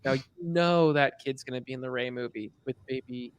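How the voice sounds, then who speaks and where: A man's voice: mid-range voice, a little fast, slight background noise. Teasing, rambling male podcast co-host. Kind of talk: casual chat.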